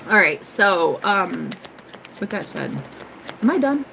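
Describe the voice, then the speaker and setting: A woman tarot reader chatting casually on a live stream, animated and laughing often, swearing freely and breaking into snatches of song. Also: medium pitch, vocal fry, slight background noise, low-quality recording.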